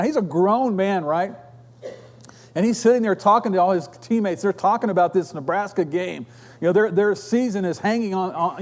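A man's voice: sits high, a little mellow. A middle-aged man preaching a sermon, telling stories in an earnest, conversational way.

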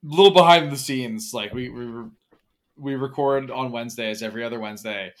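A podcast co-host in casual chat, talking hesitantly with many restarts and fillers. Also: medium pitch. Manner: halting, hesitant, repeating words.

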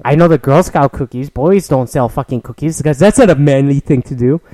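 A man's voice: medium pitch, a little fast, dark tone, no echo. A man in his thirties, a podcast host, delivering a rambling, profane, exasperated solo rant.

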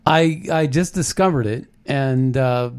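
A man hosting a political commentary show, excited and rambling, with frequent restarts. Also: medium pitch, measured pace, clear, resonant tone. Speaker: show host.

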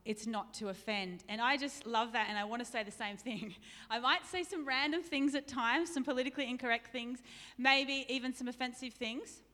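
A woman's voice: sits high, a little fast, pushed and bright. A woman preaching a sermon in a church, chatty and self-deprecating, laughing often. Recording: reverberant church hall.

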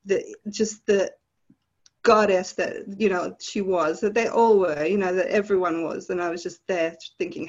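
A woman from Australia with an Australian accent, telling stories from her past as a guest in an interview with animated, vivid detail. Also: fairly low pitch, moderate pace, dull audio. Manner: animated, vivid storytelling with laughs. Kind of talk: storytelling in a podcast interview.

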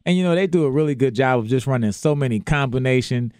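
A man from New Orleans, a former football player, talking sports in a relaxed way, often restarting his sentences. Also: medium pitch, fast, no echo, studio quality. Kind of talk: casual sports chat.

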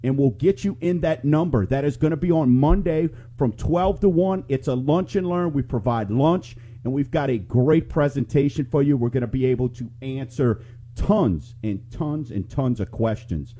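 A man's voice: medium pitch, normal speed, warm tone. Chatty man hosting live talk radio. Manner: chatty, rambling storyteller. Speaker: radio show host and mortgage lender.

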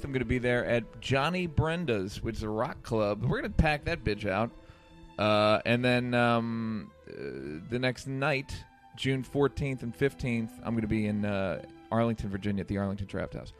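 A man's voice: mid-range voice, moderate pace, faint music behind. A man co-hosting a podcast from a hotel room, bantering in a dry, sardonic, profane way. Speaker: podcast co-host.

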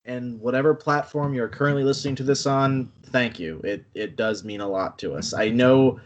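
A man's voice: mid-range voice, moderate pace, dull audio, a little hiss or hum. Laid back guy cohosting a podcast, earnest, wrapping up the episode. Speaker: podcast co-host. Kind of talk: casual podcast chat.

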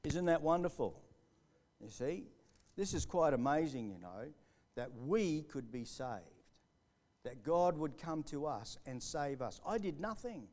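A man preaching live in a church hall. His voice sits a little high for a man, and he swings from fervent, rising emphasis to quiet, hushed storytelling. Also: animated, measured pace. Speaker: pastor. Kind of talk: sermon.

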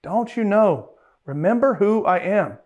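A man's voice: sits high, expressive, unhurried, darkish tone, dull audio, pitched above the performer's own voice. A man preaching, voicing God as a commanding yet reassuring father who repeats short, urgent commands.

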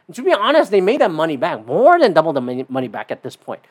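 A man talks alone on his podcast in a loose, rambling way, swearing often and leaning on fillers. His voice jumps high and drops low as he goes. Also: wildly swooping pitch, fast talker. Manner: rambling and profane, with many fillers. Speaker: podcast host. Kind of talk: casual solo podcast monologue.

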